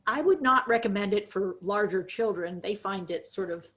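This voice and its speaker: A woman teaching a webinar on dementia care, talking over a video call with a lively, demonstrative manner. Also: medium pitch, normal speed. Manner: lively, demonstrative, acts out examples. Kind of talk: webinar presentation.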